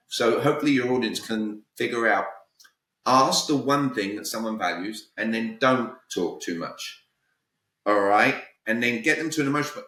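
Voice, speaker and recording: A British man speaks as a guest coach in a podcast interview, direct and emphatic. His tone is bright and forceful. The recording is roomy and he sits a little away from the mic. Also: fairly low pitch, normal speed, far from the mic. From Britain. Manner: direct, emphatic, peppers talk with "all right?". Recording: roomy echo, voice a bit off-mic.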